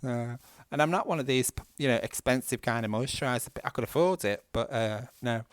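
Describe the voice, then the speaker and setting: A man's voice: medium pitch, fairly quick, smooth, dry recording, studio quality. Chatty Mancunian man rambling while gaming. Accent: Mancunian English. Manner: chatty, self-mocking, laughs often, rambling asides. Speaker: gaming vlogger. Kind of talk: casual rambling chat while playing a game. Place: indoors at home.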